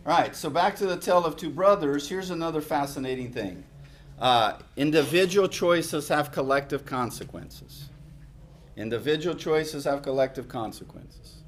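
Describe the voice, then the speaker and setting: A middle-aged man preaching a sermon in a conversational way, repeating key lines for emphasis and dropping to quiet asides. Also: a little high, animated, normal speed, a little hiss or hum. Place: church hall.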